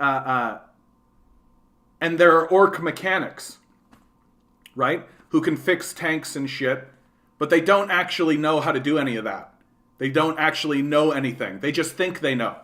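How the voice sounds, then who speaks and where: This livestream host is a man with a Canadian accent and a slightly high, fairly bright voice. He rambles, swears, and keeps ending his sentences with "right?" in a casual stream.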